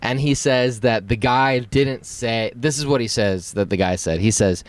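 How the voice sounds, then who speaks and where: A man co-hosting a podcast, telling a story in casual chat, animated and laughing often as he acts out quotes. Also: mid-range voice, normal speed, no echo. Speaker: podcast co-host.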